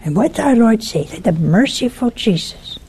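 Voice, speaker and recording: A woman's voice: a little high, very animated, darkish tone, slightly rough. An older woman giving an informal sermon full of stories, teasing her viewers with questions. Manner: slow, teasing, asks the audience questions. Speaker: religious teacher on a video show.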